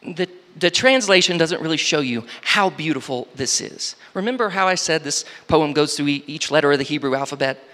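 A man preaching a sermon, reading scripture slowly and then explaining it with rising emphasis and frequent restarts. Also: a little high, pushed and bright. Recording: long hall reverb.

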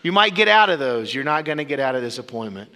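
A man preaching a sermon as pastor, with dramatic pauses and sudden drops to low, quiet phrases. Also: very animated. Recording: long reverb of a big hall.

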